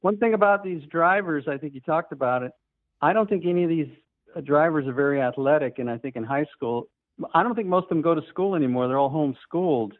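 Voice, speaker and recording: Male caller over a tinny phone line, slightly high, blunt and critical. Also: quick pace. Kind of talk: opinionated call-in talk.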